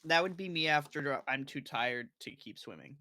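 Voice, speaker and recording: A woman's voice: low voice, animated, normal speed, sharp tone. A woman chatting playfully with a friend's livestream. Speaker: friend on the stream call. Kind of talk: casual chat.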